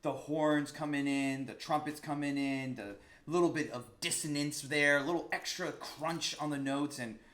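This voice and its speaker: Excitable man breaking down a recording. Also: a little high, moderate pace, hardly any pauses, echoey room. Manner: enthusiastic, searching for words, many restarts. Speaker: saxophone teacher. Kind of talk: casual music lesson breakdown.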